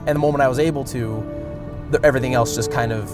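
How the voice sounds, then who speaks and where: A man telling personal stories in a documentary interview, animated and acting out the voices of the people he quotes. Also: medium pitch, quick pace, over loud music.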